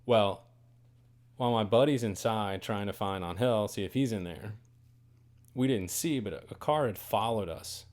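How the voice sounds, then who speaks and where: A man hosting a podcast, telling a story in a casual, animated and dramatic way. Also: fairly low pitch. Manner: animated, dramatic, swings to loud bursts on quoted lines. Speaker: podcast host. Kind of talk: casual first-person storytelling.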